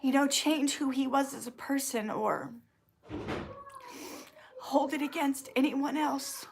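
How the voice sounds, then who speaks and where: A woman hosting a casual livestream, clearing her throat often and restarting her sentences as she tells a personal story, sounding teary. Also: high-pitched, slow pace, slight background noise. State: teary, emotional. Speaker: YouTube channel host answering viewer questions.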